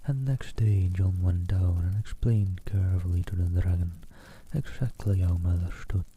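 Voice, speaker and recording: A man reading a storybook aloud in a soft, half-whispered ASMR style. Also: sits low, fairly even intonation, normal speed, a little hiss or hum. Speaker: storyteller and streamer.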